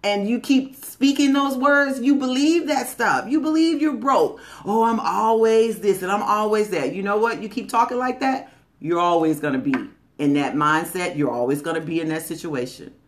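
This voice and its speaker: A woman's voice: medium pitch, normal speed. Emphatic woman giving a motivational talk. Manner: emphatic and repetitive, drawing out key phrases; conversational, folksy phrasing. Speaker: motivational speaker.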